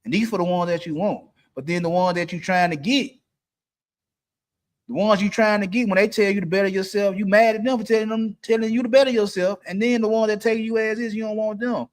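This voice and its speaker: A man's voice: sits high, fairly even intonation, fairly quick. A middle-aged man, hosting a live stream and giving blunt dating advice, repeating his points for emphasis. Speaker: livestream host.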